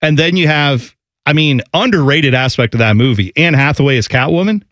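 Rambling animated man chatting. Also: on the high side, brisk, dry recording, clean studio sound. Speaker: podcast co-host. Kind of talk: casual chat.

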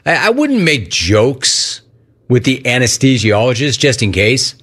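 A man's voice: mid-range voice, sing-song, a little slow, a bit bright. A man hosting a radio call-in show, brash and riffing, repeating his catchphrases as he takes callers. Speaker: radio talk show host. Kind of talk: sports talk radio, taking calls.

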